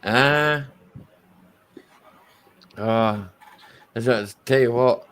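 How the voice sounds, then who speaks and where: Slow, laugh-prone man. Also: mid-range voice, a bit bright, clear, resonant tone. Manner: laughs often, teasing. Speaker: livestream host. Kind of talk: casual chat.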